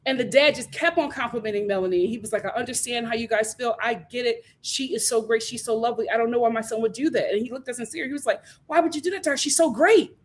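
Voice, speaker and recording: A woman hosts a casual recap, her voice sitting a little high. She tells the story with lively energy, slipping into quoted voices of the people she describes. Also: quick pace, few pauses. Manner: animated retelling with quoted voices. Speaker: host. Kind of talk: casual show recap chat.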